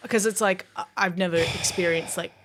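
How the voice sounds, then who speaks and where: A woman's voice: lowish voice, steady tone, brisk, fairly bright tone. A young woman co-hosting a podcast, chatting casually with gushing reactions. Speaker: podcast co-host. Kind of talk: casual chat.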